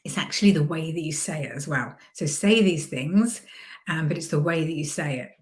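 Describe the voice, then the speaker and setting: A woman mindset coach talking calmly and encouragingly on a podcast, sometimes softening into a gentle hypnotherapy voice for a guided visualization. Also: deep voice, moderate pace.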